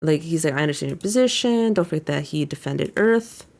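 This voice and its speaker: A woman's voice: low voice, lively intonation, fairly quick, creaky, a little mellow. A young woman VTuber casually recapping an anime episode, paraphrasing the characters' lines with frequent fillers. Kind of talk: casual commentary.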